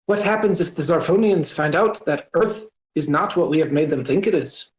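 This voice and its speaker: A man's voice: fairly high pitch, moderate pace, close to an everyday voice. A man voicing a friendly, burly human crewman with a put-on thick accent, in an echoey, slightly dull voice-chat recording. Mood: hearty. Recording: roomy, dull voice-chat audio.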